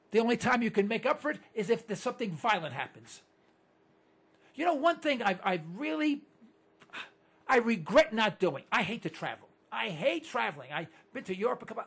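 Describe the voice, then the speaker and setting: Older male talk radio host, very high gravelly voice, angry repetitive rant. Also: fairly bright tone. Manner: ranting, repetitive, hollering at listeners.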